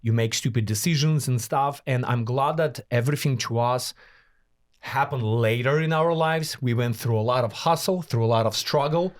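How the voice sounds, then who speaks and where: A man co-hosting a podcast in casual chat, talking bluntly and emphatically and swearing freely. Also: mid-range voice. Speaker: podcast co-host.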